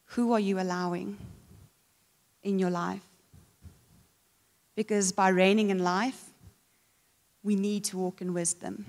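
A woman's voice: medium pitch, big-room sound. A woman closing a sermon in an earnest, direct way. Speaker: preacher.

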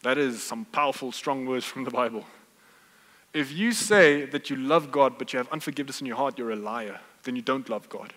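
Preacher in an echoing hall. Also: male voice, medium pitch, fairly quick, a bit bright. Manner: conversational, emphatic storytelling with rhetorical questions. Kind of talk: sermon. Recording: reverberant hall.

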